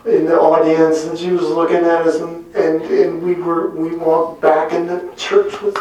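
A middle-aged man tells his faith story at an unhurried pace, earnest but quick to poke fun at himself. His voice sits a little high for a man. He sounds set back from the mic, with heavy echo around him in a church sanctuary. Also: level tone, darkish tone, slight background noise. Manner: earnest, with wry self-deprecating humor. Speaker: church speaker giving a testimony. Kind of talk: personal testimony storytelling. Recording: very echoey room, mic far off.

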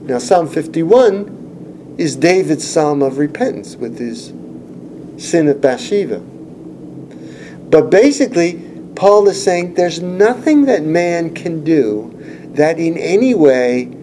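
A man's voice: a little high, warm tone, a little hiss or hum, low-quality recording. A man preaching a Bible-teaching sermon, earnest and explanatory, rising to emphasis when he quotes scripture.

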